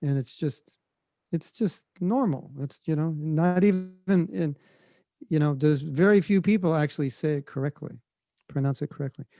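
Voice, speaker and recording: A man's voice: on the high side, moderate pace, gravelly, no room sound. Chatty man telling a story on a call. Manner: relaxed, conversational, demonstrates chanting. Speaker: spiritual teacher answering questions. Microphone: video call.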